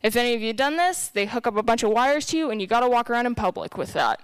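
A woman's voice: on the high side, lively intonation, fast talker, clean tone, dry recording. A young woman giving a candid, emotional personal testimony to a church group.

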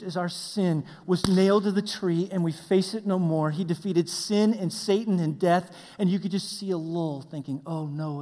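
A man preaching a sermon as a pastor. He tells stories with animation and swings between loud passages and hushed ones. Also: high-pitched. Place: church hall. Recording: long hall reverb.

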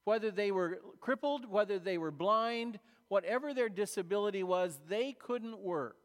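High-voiced pastor preaching in an echoing hall. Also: male voice. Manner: storytelling, conversational, with dramatic pauses. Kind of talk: sermon. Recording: long reverb of a large hall.

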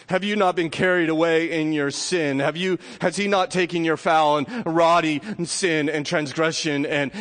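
A man preaching a sermon from the pulpit in a church, moving from hushed, slow passages to loud, high appeals. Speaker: pastor. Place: church sanctuary.

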